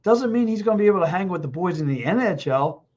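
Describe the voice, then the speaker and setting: A man in his fifties hosting a podcast, talking sports alone and reading out live comments, blunt and excitable, repeating himself, a little hoarse with a dry throat. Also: sits high, quick pace. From Philadelphia. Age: 50s. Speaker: podcast host. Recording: dull lo-fi stream audio.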